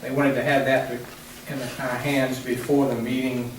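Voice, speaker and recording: Guy giving a meeting update, steady explaining tone, picked up from way across a big echoey room. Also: medium pitch, a little slow. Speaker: development staff presenting prospects. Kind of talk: formal meeting report. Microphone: distant room mic. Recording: echoey room from far off, faint noise.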